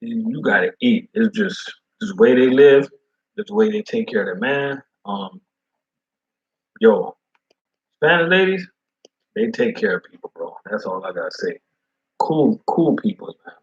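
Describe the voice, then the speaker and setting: A man who is a food service delivery driver, chatting casually in slangy, animated talk. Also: mid-range voice, unhurried, long pauses, dull audio. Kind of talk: casual chat.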